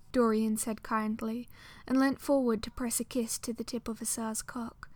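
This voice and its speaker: Soft-spoken woman narrating an audiobook. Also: on the high side, dry recording.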